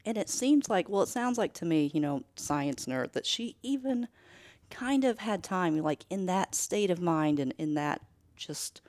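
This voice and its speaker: Woman podcast co-host, low-pitched, lively and emphatic, casual. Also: unhurried. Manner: animated, swearing, emphatic asides. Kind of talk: casual chat.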